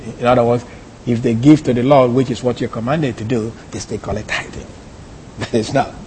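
A man teaching a Bible lesson, deliberate and repeating key phrases. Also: medium pitch, steady tone, a little mellow, a little hiss or hum. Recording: long hall reverb.

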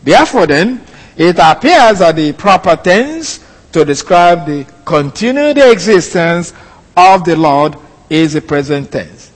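A man preaching an expository sermon, teaching slowly with pauses and fillers. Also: fairly high pitch, lively intonation, in a large hall, rough recording.

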